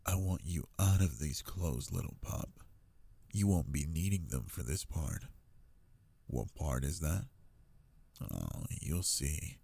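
A man playing a possessive, doting alpha lover in an intimate audio role-play, talking in a low, teasing way. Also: vocal fry, a little mellow, husky, exaggerated voice.

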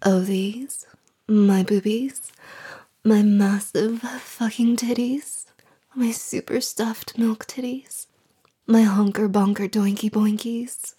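A woman doing whispered role-play as a sultry, seductive woman, slow and teasing. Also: mid-range voice, fairly even intonation, warm tone, breathy edge.

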